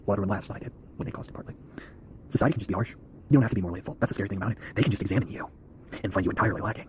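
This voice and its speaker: A man ranting fast to camera in an intense, swearing, preachy way. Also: lowish voice, a little hiss or hum. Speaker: online video creator.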